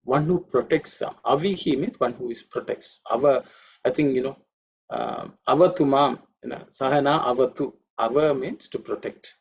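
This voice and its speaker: A man teaching an online Sanskrit class, explaining chants slowly, repeating words and adding "okay" and "you know" often. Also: medium pitch, darkish tone, highs cut off, a little hiss or hum.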